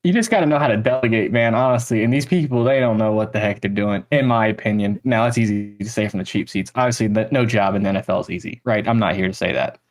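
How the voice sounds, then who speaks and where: A man's voice: lowish voice, fast, hardly any pauses. A young man co-hosting a casual sports podcast, an exasperated, self-mocking fan ranting about his team. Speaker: podcast co-host, Panthers fan.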